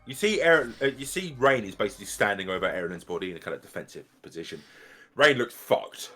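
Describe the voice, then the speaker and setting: A man with a somewhat low voice narrates a tabletop game as its game master. He describes scenes in a loose, casual way over faint background music. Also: animated, quick pace, bright, forceful tone.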